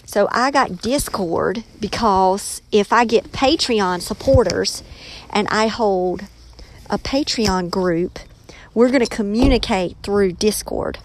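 A woman's voice: mid-range voice, a little slow, a little hiss or hum. A woman hosting her own podcast, telling a story casually and animatedly, acting out the voices she quotes. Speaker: podcast host, author and ninth-grade teacher.

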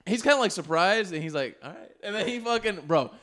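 A man co-hosting a podcast, casually retelling a movie plot with crude slang. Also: high-pitched. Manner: animated, fast storytelling with crude slang. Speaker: podcast co-host.

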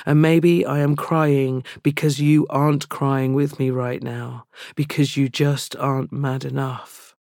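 Male poet, confessional spoken word, slow and level, dry close sound. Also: mid-range voice, vocal fry, dry recording. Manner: slow, even, intimate delivery.

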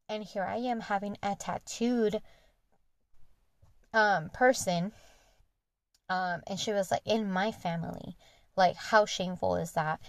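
A woman's voice: medium pitch, steady tone, a little slow, long pauses, no echo. A young woman hosting a podcast, candidly retelling a personal story in an earnest, conversational monologue. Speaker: podcast host.

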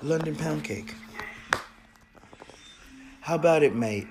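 A man hosting a casual reaction chat from a garage, loud and profane, breaking into shouts and laughter. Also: mid-range voice, moderate pace. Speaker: host of a smoking stream show.

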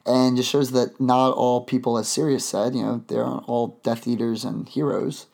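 A man's voice: mid-range voice, flat delivery, normal speed, creaky, a little mellow. A man hosting a podcast, chatting casually and rambling with lots of fillers and restarts. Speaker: podcast host.

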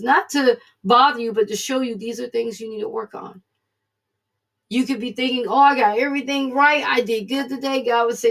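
A woman's voice: on the high side, vocal fry, a bit bright. A woman giving an earnest, conversational devotional Bible teaching, speaking encouragingly as a Bible study teacher.

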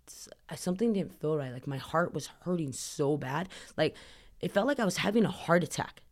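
A woman's voice: low voice, a little mellow. A woman as a podcast guest, earnestly telling a personal story in a rambling way, full of "like" fillers. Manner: earnest, emotional retelling.

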